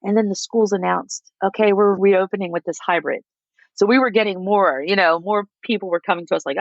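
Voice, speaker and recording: A woman's voice: medium pitch, normal speed, creaky, dry recording, dull audio. A woman founder telling stories in a casual interview, animatedly acting out what other people said. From United States. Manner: animated, acts out quotes of others. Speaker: micro school founder, guest.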